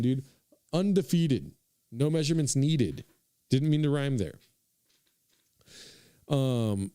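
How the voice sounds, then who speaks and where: A man's voice: mid-range voice, warm tone, no room sound, clean studio sound. A young man hosting a podcast, telling a comic story in a rambling, profane way, full of "dude" and asides to his listeners. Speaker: podcast host. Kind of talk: casual comedic storytelling.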